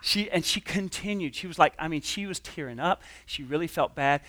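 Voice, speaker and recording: A man's voice: fairly high pitch, fairly quick, few pauses, sharp tone, no room sound. A man giving a conversational sermon as a pastor, telling a personal story with frequent restarts and quoted dialogue.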